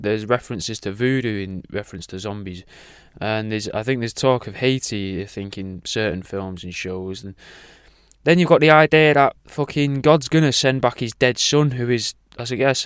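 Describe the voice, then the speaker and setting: A man's voice: mid-range voice, clean tone, no room sound, clean studio sound. A man hosting a radio talk show, rambling off on tangents and swearing freely. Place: radio studio.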